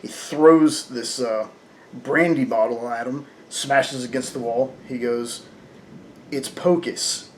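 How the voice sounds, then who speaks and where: A man's voice: mid-range voice, steady tone, slow, slight background noise. A man reviewing a comic book in casual talk, chatty and full of fillers, often laughing.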